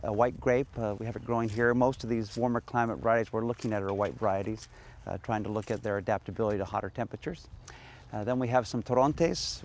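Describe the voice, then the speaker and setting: A man, a grape researcher, explaining things casually in an interview with frequent fillers. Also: mid-range voice. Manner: relaxed, with many uh fillers.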